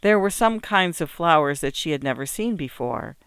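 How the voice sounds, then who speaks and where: A man narrating an old-fashioned storybook in a gentle, even, unhurried reading voice. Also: fairly high pitch, smooth, no echo, clean studio sound. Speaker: audiobook narrator.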